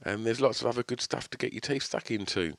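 A man's voice: mid-range voice, quick pace, creaky, no room sound. A man hosting a podcast, chirpy and upbeat as he wraps up and thanks his listeners. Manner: upbeat, chirpy sign-off, frequent short agreement. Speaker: podcast host. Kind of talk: casual interview and outro.

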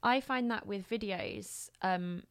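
A woman in her thirties muses in a relaxed co-host chat. Her pitch sits in the middle, and the recording is dry and close. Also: slow, smooth, dry recording. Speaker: podcast co-host. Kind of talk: casual chat.

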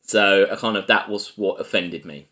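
A man, co-hosting a casual film podcast, jokey and eager, chiming in with quick agreements. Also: lowish voice, sharp tone. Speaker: podcast co-host.

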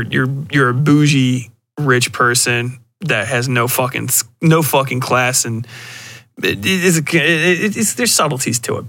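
Profane rambling man with a bright voice. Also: mid-range voice, no room sound. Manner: profane, rambling, animated, frequent restarts. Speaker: podcast host. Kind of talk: casual solo rant.

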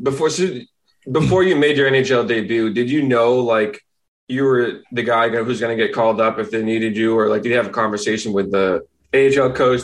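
A man interviewing a guest, asking a hesitant question and rephrasing it as he goes. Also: mid-range voice. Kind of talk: casual podcast question.

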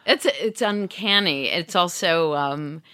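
A woman's voice: lowish voice, lively intonation, slow, fairly bright tone. A woman author as an interview guest, speaking thoughtfully and trailing into asides. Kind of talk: conversational interview.

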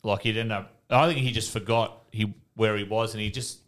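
A man's voice: on the low side, fairly even intonation, a little fast, fairly bright tone. A man with an Australian accent telling coaching stories in casual chat, swearing freely and laughing as he goes. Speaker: former professional footballer.

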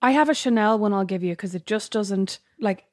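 A woman's voice: medium pitch, a little fast, no echo. A woman co-hosting a casual chat, teasing and often cutting in. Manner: teasing, frequently interrupting.

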